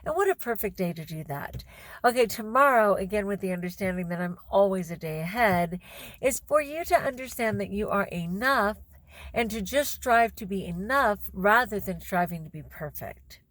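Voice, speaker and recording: A woman's voice: mid-range voice, animated, normal speed, a bit bright, no room sound. Effusive chatty woman vlogger. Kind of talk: casual chat to camera.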